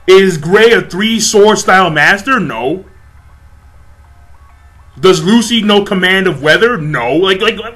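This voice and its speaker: Give me a man ranting to camera in a high, bright, animated voice, swearing and repeating himself. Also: measured pace, soft background music. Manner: animated, profane, repetitive. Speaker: vlogger. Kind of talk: casual rant to camera.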